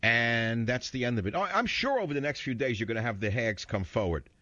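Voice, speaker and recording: A man's voice: mid-range voice, expressive, fairly quick, pushed and bright, no room sound, dull audio. A man hosting a talk radio show, combative and mocking as he rants about the news.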